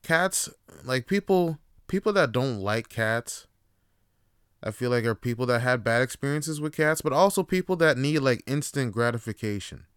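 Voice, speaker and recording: A man's voice: mid-range voice, lively intonation, moderate pace, fairly bright tone, smooth, no echo, studio quality. A man hosting a casual solo podcast, rambling through his thoughts with frequent fillers and restarts. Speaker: podcast host.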